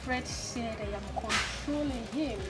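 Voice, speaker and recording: A woman's voice: fairly high pitch, unhurried, lightly acted. A woman playing an upset wife who complains about her husband in a pleading way. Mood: complaining. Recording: loud music behind.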